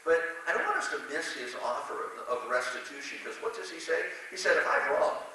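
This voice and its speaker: A man's voice: fairly high pitch, big pitch swings, fairly quick, pushed and bright. A man preaching a sermon in a conversational, self-deprecating way, with asides and restarts, recorded in a church sanctuary. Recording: echoey church hall from a distant mic with hiss.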